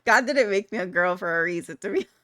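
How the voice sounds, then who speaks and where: A woman's voice: mid-range voice, animated, quick pace, bright, forceful tone, no echo, clean studio sound. A young adult woman streamer chatting casually with viewers, giggly and playful, swearing freely. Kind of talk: casual chat reading out viewer messages.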